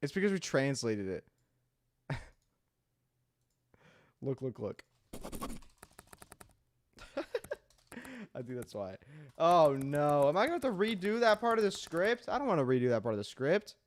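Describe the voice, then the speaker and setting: A man's voice: on the high side, sing-song, a little slow, long pauses. A young man chatting casually on a live stream as he edits his video, laughing often, swearing and teasing himself when he slips up. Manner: laughs often, swears, flustered and self-mocking.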